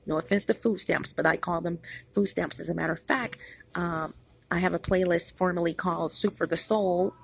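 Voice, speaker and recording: A woman's voice: on the low side, fairly even intonation, moderate pace, gravelly, slightly rough. A woman hosting her own channel, talking in a rambling, emphatic vlog monologue with many restarts, tired after being up all night. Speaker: channel host.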